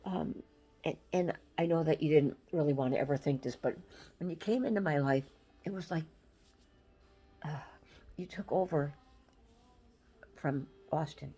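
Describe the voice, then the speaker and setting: An older woman giving a halting, emotional farewell message, close to tears, with many pauses and restarts. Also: low voice, mellow, slightly rough, poor audio.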